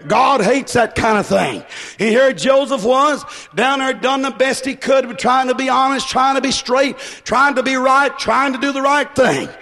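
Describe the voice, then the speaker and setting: Brief: emphatic male preacher, raspy-edged voice, long echo. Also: unhurried. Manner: emphatic, swings from shouts to low asides. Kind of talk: sermon. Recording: echoey hall.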